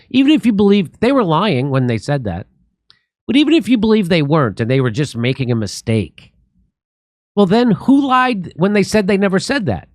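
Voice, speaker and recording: A man's voice: on the high side, no echo, studio quality. A man hosting a political commentary talk show, ranting animatedly and mimicking friends in mocking voices. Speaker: comedian host.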